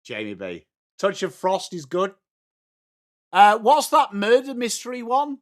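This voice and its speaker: A young English man hosting a live football watchalong, chatting excitably with viewers and calling out plays. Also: high voice, a little slow. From England. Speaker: watchalong stream host.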